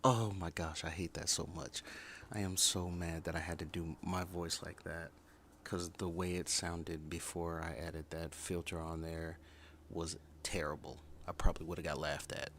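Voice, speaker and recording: A man with a deep, low-pitched voice runs a casual review livestream. He talks bluntly and circles back to hammer the same point. Faint noise sits behind him. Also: flat delivery, normal speed, fairly bright tone. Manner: blunt, repeats points for emphasis. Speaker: livestream host reviewing a TV show.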